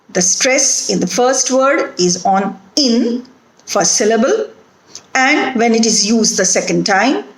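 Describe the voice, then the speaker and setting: A woman from India with an Indian English accent, giving a recorded phonetics lecture in a slow, deliberate way and repeating each example word. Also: fairly high pitch. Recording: echoey room.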